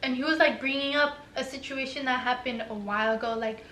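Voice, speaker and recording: A woman's voice: high voice, fairly even intonation, brisk, pushed and bright, a little hiss or hum. A young woman chiming in on a shared story, hesitant and full of fillers. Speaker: co-host. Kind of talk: casual storytime chat. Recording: echoey room, faint ambience.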